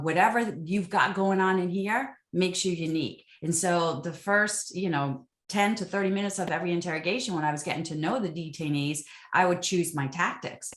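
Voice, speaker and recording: A woman's voice: on the low side, reverberant. A woman, a former military interrogator, telling stories in an interview and acting out the exchanges she quotes. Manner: animated, acts out quoted exchanges. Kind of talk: storytelling interview answers.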